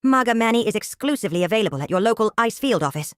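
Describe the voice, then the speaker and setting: A woman podcast host reading a mock commercial voice-over with a sarcastic, salesy pitch. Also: expressive, very fast, dry recording, clean studio sound.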